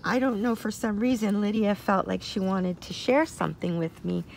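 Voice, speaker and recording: Gravelly-voiced woman in her sixties. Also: medium pitch, moderate pace, a little hiss or hum. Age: 60s. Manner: meandering, circles back often. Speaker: vlogger. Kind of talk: personal storytelling.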